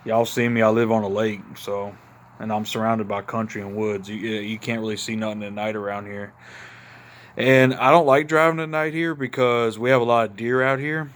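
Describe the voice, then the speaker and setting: Speaking on the low side with fairly even intonation, a moderate pace, and a slightly bright tone, this Southern-accented Mississippi man vlogs from his backyard at night. He's had a couple of beers and is a little tipsy as he talks casually into his phone camera. His manner is laid-back and rambling, and he refers to viewers as y'all.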